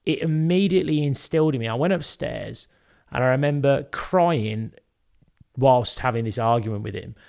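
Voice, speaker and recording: A man's voice: mid-range voice, moderate pace, vocal fry, a little mellow. A young British man co-hosting a podcast, telling a personal story in an earnest, candid way. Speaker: podcast co-host. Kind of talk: casual podcast chat.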